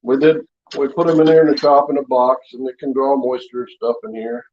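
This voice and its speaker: A man's voice: medium pitch, steady tone, a little fast, slight background noise. A man chatting casually in his home workshop, showing knives he forged, in a rambling, down-to-earth way. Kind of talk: casual show-and-tell chat. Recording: slightly dull lo-fi sound.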